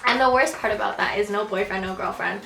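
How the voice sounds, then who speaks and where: A young woman in her twenties rants to camera in a sassy, emphatic vlog voice, swearing casually as she makes her points. Her pitch sits in an ordinary middle range, and the sound carries a roomy echo. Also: quick pace, creaky, music in the background. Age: 20s. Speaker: vlogger.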